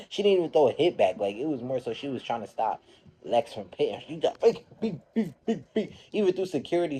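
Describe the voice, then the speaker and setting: A man casually recapping a reality show episode, telling it in an animated, slangy way and acting out the people he quotes. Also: mid-range voice, slightly rough.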